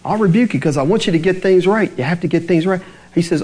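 A man's voice: high voice, quick pace, a little mellow, low-quality recording. A male pastor delivering a conversational sermon, often checking in with his listeners through rhetorical questions.

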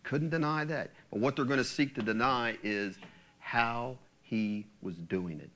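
A man's voice: medium pitch, a little slow, a bit bright. A man preaching a sermon, asking rhetorical questions and acting out quotes. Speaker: pastor.

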